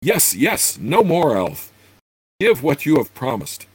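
A man's voice: fairly high pitch, sing-song, slow, darkish tone, husky, no room sound, pitched above the performer's own voice, heavily acted. A man voicing a wizened, wounded male gnome who pleads and curses while reading a fantasy novel aloud. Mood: desperate. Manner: shrieking, pleading. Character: dying wizened male gnome, desperate and hateful.

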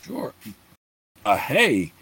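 A man reading aloud and voicing a brash, joking young male barbarian who talks in a sarcastic, blunt way, with a husky voice. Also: mid-range voice, huge pitch swings, drawn-out words, pushed and bright, slight background noise, heavily acted. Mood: mocking.

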